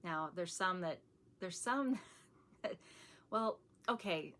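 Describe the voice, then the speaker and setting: Chatty low-voiced woman vlogger. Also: animated, takes it slowly, fairly bright tone. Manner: chatty, rambling, laughs often, self-described sarcastic. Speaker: vlogger showing a shopping haul. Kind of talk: casual haul chat.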